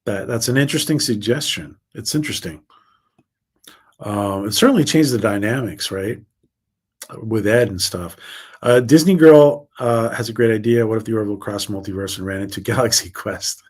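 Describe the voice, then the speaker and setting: A fairly low-pitched man hosts a relaxed livestream and chats loosely with viewers as he reads their comments. He rambles, restarts his sentences often, and stays upbeat throughout. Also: normal speed. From United States. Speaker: livestream host. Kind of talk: casual livestream chat reading viewer comments.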